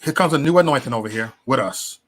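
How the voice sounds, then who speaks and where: A man talking casually about politics and faith, animated and preachy, with many restarts and slangy asides. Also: medium pitch, fast. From West Side of Chicago. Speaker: political commentator. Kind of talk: casual opinion vlog.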